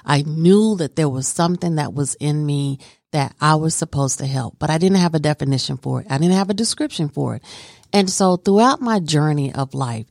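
A woman with a low voice tells her story to an interviewer. She speaks with earnest conviction and stresses her points. The sound is dry and close. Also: animated, normal speed, creaky, darkish tone, no echo. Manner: earnest and emphatic, talks with conviction. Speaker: guest.

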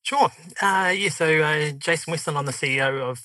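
A middle-aged man with a New Zealand accent, a software company head telling his story on a podcast over a video call, chatty and laughing often. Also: fairly high pitch, normal speed, no echo, low-quality recording. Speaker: guest, software company CEO.

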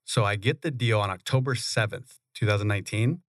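A man, a real estate investor, telling his story in a relaxed, conversational way in a radio studio. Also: on the low side, fairly quick, dry recording. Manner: relaxed, conversational, laughs often. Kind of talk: interview storytelling.

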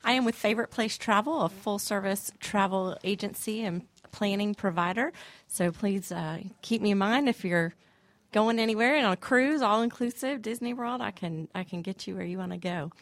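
A woman's voice: medium pitch, moderate pace, no echo. Upbeat woman radio host, dry mic. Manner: friendly, upbeat interviewer. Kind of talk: radio interview chat.

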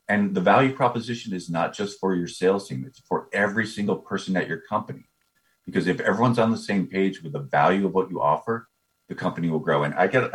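A man talking as a business coach guest in a casual interview, eager and often repeating his first words. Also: low voice. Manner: eager, repeats words when starting a thought.

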